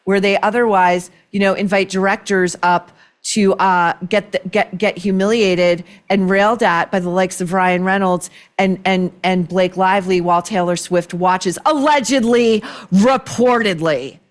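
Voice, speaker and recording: A woman's voice: on the low side, little pitch movement, normal speed, hardly any pauses, smooth. Sarcastic, indignant woman commentator. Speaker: podcast host. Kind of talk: opinion commentary.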